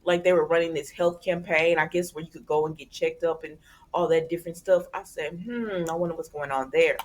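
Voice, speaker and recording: A woman with a slightly low-pitched voice hosts a casual soap opera recap. She talks straight to her viewers in a loose, gossipy way. She keeps slipping into the characters' lines as she retells each scene. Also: fairly even intonation, a little fast. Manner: chatty, conversational, addresses viewers as y'all.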